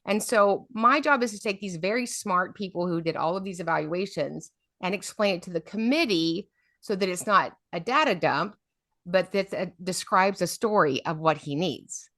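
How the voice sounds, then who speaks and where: A woman's voice: on the low side, normal speed, no echo, studio quality. A middle-aged woman, an advocate telling stories in an interview and often checking in with "right?". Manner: lively storyteller, often adds "right?". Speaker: special education advocate, guest. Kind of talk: storytelling interview talk.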